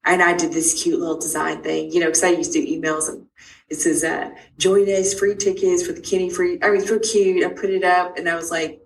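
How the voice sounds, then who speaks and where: A middle-aged woman telling a personal story about her child's illness, acting out each exchange with big jumps in pitch. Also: fairly quick, vocal fry, slight background noise. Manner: animated, acts out dialogue with big pitch jumps. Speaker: parent of a sick child. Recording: roomy sound from a distant mic.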